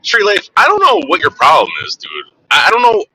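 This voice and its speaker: A man's voice: sits high, wildly swooping pitch, fairly quick, sharp tone, breathy edge, no room sound, rough recording. A man hosting a casual livestream, chatting with his viewers and teasing them in a rambling way. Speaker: livestream host.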